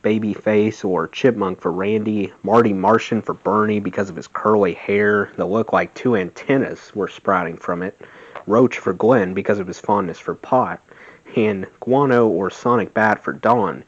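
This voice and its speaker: A man reading a memoir aloud in a steady, plain voice. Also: fairly low pitch, normal speed. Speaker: audiobook reader. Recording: dull lo-fi sound.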